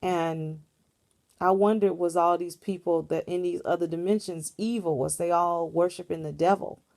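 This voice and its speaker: Gravelly low-voiced woman telling a dream. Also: steady tone, moderate pace, a little mellow. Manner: rambling, earnest storytelling. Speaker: vlogger. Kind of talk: casual spoken recounting of a dream.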